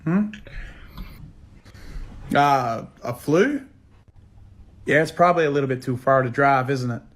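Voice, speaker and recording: An Australian man tells a story in a relaxed, laid-back way, acting out both speakers. His voice has a middle pitch for a man. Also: normal speed. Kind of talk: casual storytelling.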